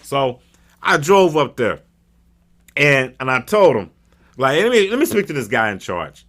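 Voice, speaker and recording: A man hosting a talk radio stream, telling a personal story in an animated way and acting out the people in it. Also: medium pitch. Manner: acts out the people in his story with quick voice changes; emphatic and indignant.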